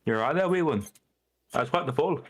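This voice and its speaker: A man's voice: fairly high pitch, lively intonation, normal speed, soft background music, voice pushed up. A man voicing a ghostly Scottish golf shopkeeper in a hesitant put-on accent that drifts Irish. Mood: welcoming. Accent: attempted Scottish, drifting Irish.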